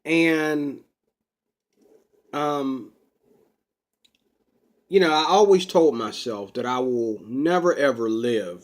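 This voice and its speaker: A man talking to camera in a rambling personal vlog, unscripted and full of drawn-out ums. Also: mid-range voice. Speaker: vlogger. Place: Pittsburgh.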